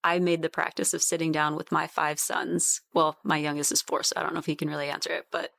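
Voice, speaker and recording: Mom of five guesting on a podcast, earnest, lowish voice, dry close sound. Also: female voice, level tone, quick pace, creaky, fairly bright tone, dry recording. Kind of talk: casual panel chat.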